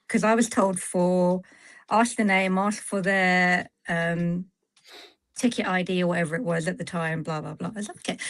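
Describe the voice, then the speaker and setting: British woman telling an animated story. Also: medium pitch, no echo, low-quality recording. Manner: animated storytelling, acting out dialogue. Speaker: stream guest. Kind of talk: casual chat.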